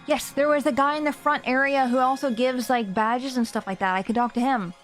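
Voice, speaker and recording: A young adult woman streaming a game, chatting casually and excitably while she plays. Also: high-pitched, a little fast. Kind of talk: casual gameplay commentary. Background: game music.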